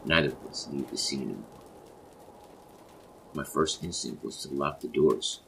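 Deep gravelly male narrator, slow measured delivery, rain and rumble noise behind. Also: fairly bright tone, poor audio. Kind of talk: scripted horror narration.

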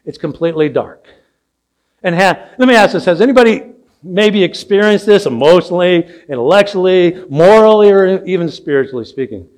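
Older male pastor with a high voice, preaching in a storytelling way. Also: lively intonation, moderate pace, darkish tone. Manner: storytelling, asks the audience questions. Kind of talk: sermon. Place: church sanctuary.

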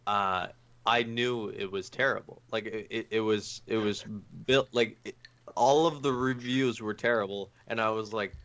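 A man's voice: lowish voice, fairly bright tone. A man co-hosting a comedy podcast, chatting casually, rambling with many restarts and frequent laughs. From half Indian, half Italian heritage. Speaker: podcast co-host. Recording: dull lo-fi sound.

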